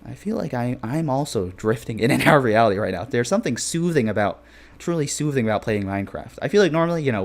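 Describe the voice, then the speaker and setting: A man's voice: on the low side, slight background noise. A young man streaming a game, chatting casually, joking and rambling as he reads chat messages aloud.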